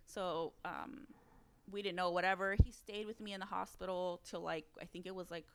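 A woman's voice: fairly low pitch, fairly even intonation, moderate pace, a bit bright, clear, resonant tone. A young woman co-hosting a podcast, telling a personal story in casual chat, candid and full of fillers and swearing. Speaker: podcast co-host.

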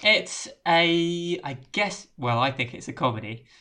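A man's voice: fairly high pitch, a little slow. Rambling jokey man recapping a film. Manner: rambling, jokey, animated retelling. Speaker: podcast host. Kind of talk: casual film recap chat.

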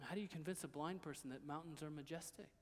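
A man preaching a sermon as pastor, dropping to hushed, quiet passages and then rising to loud, emphatic declarations. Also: on the high side, fast, in a large hall.

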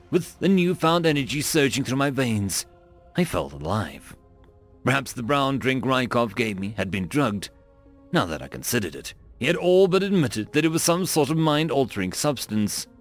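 A man reads a science fiction story aloud with a gravelly voice and a lively, rising and falling intonation. Faint music plays under the narration, and the pitch sits mid-range. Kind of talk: scripted narration of a sci-fi story.

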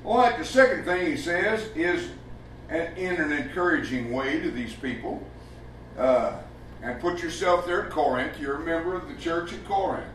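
Slightly high-voiced guy preaching, folksy and emphatic, faint hiss in the background. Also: normal speed, fairly bright tone. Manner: folksy, emphatic, with rhetorical questions. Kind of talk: sermon. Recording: echoey room with the mic far off.

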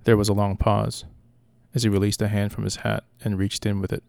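Low gravelly guy reading a creepy story, very monotone. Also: a little fast, no echo. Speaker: narrator.

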